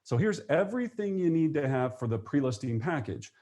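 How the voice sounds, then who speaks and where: A man teaching a live real estate webinar, energetic, acting out sales phone calls in quick voices. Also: on the high side.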